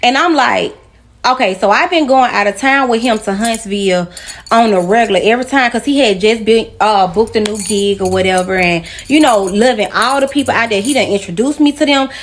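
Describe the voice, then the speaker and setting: Animated woman telling a personal story. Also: a little high, brisk, a little hiss or hum. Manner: animated, emotional, talks straight to viewers. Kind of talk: casual storytime to camera.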